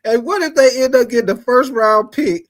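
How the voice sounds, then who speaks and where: At a normal speed and in a very high-pitched voice, a man hosts a casual sports livestream, reading super chats and replying to viewers by name. He's animated, repetitive, and laughs a lot.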